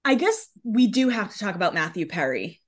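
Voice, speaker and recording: A woman co-hosting a casual pop culture chat, passing on gossip in an expressive, chatty way. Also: medium pitch. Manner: gossipy, expressive, quick asides. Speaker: podcast co-host.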